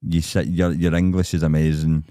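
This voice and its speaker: A Scottish man with a deep, low-set voice hosts a relaxed chat. He teases and jokes his way through stories with an old friend. The sound is dry and close, with no room around it. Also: normal speed, no room sound. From Scotland. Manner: teasing, joking banter. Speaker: podcast host. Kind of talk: casual chat.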